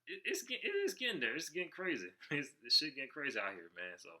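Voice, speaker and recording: A man's voice: a little high, wildly swooping pitch, fast, bright, forceful tone. A man hosting a reaction video, commenting casually with frequent laughs and stammered restarts.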